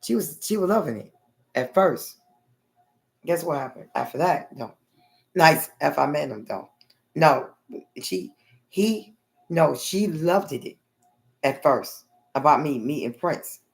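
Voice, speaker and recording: A woman's voice: low voice, animated, takes it slowly, creaky, long pauses. A woman vlogger telling a long personal story in a rambling, blunt way, often adding okay and honey.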